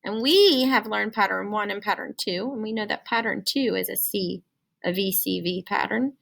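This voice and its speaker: A woman teacher giving a playful, animated phonics lesson to young children. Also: medium pitch, normal speed, gravelly.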